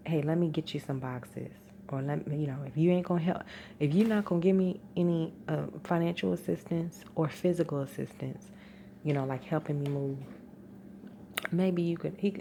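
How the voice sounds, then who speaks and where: A tired woman venting in a low, gravelly voice, profane and exasperated, her words spilling out in a personal rant. Now and then she bursts up high in frustration. The recording carries a steady hiss of background noise. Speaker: vlogger venting.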